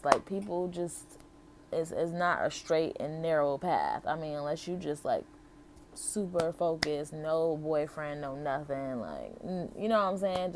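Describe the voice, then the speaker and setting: A woman's voice: deep voice, noisy background. A woman in her thirties from the United States, telling her personal story to camera in a chatty, heartfelt way full of "like" and "um". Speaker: vlogger.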